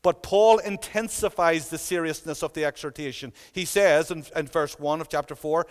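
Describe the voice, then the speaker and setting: A preacher, an earnest man with a voice high for a male, drives his sermon home by repeating his points emphatically. He talks at a normal speed with few pauses, and the church hall's long reverb lingers after each phrase.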